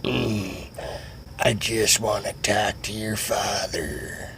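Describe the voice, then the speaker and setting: A man voicing a creepy lowlife neighbor who mumbles slowly and breathily, with a faint hiss behind him. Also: steady tone, fairly bright tone, full character voice. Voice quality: slow, low, breathy mumble.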